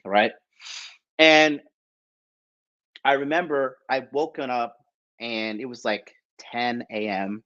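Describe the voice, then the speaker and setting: A man's voice: medium pitch, a bit bright. American guy ranting a story, swears a lot, keeps saying right?, kinda muffled lo-fi audio. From United States. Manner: profane, blunt, rambling with many "right?" tags. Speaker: podcast host. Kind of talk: casual storytelling.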